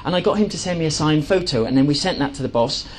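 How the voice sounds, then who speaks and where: A man's voice: a little high, lively intonation, fast talker, slight background noise, poor audio. A man giving an enthusiastic presentation to a live audience, chatty and full of fillers and restarts. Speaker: speaker at a live talk.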